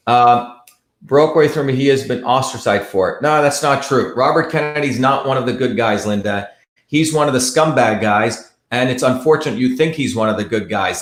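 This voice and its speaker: A man's voice: mid-range voice, fairly bright tone. Combative man hosting a heated livestream. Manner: combative, repetitive, blunt. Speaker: livestream host. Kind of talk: heated live commentary. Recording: echoey room.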